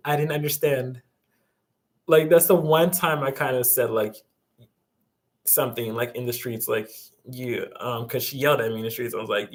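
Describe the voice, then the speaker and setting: A man's voice: medium pitch, normal speed, a bit bright. A young man vlogging, casually retelling a story, rambling with lots of fillers and some exasperation.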